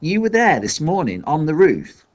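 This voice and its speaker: A wild, confused young boy with a hoarse, wheezing voice and bold defiance, as a male reader puts him on. He sits a little higher than a man's voice in a storybook reading. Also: huge pitch swings, normal speed. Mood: defiant.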